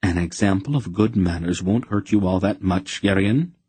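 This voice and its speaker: A man doing a calm, wise aunt. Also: low-pitched, moderate pace, husky, no echo. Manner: calm, matter-of-fact, lightly dry. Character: calm wise older woman, protective aunt.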